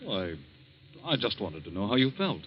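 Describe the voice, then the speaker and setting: A smooth, scheming husband. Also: male voice, lowish voice, sing-song, moderate pace. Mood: offhand. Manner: casual, offhand, evasive. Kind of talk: 1940s radio acting. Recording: dull old radio recording.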